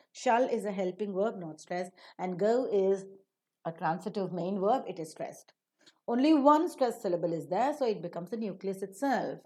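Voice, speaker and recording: A woman teaching English phonetics in a recorded lecture, talking slowly and deliberately and acting out example sentences with exaggerated rises and falls. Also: medium pitch, dark tone. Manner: slow, deliberate, spells out each example.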